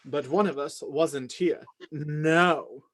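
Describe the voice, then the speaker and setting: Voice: medium pitch, takes it slowly, a bit bright. A reader voicing a frantic male butler in a live script reading, racing through the recap with sudden yelps.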